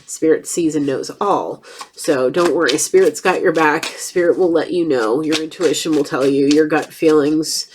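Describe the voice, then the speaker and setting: A woman's voice: low voice, moderate pace, background noise. A woman giving a casual tarot reading, chatty and blunt, with a stuffed-up nose. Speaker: tarot reader.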